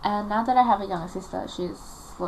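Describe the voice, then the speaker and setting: A woman's voice: mid-range voice, a little fast, darkish tone, slight background noise, rough recording. A young woman, telling a personal story casually, rambling and emotional with many fillers.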